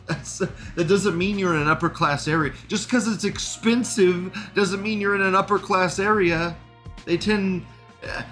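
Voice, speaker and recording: A man's voice: high voice, a bit bright. A man hosting a live show, talking in a casual, sarcastic and profane commentary style, with frequent laughs.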